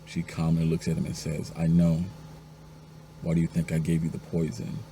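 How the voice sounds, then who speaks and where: A man's voice: monotone, normal speed, noisy background. A man telling a string of husband-and-wife jokes one after another and acting out each character's lines. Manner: acts out the jokes' characters, going up to a high pitch for the wives. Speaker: joke teller.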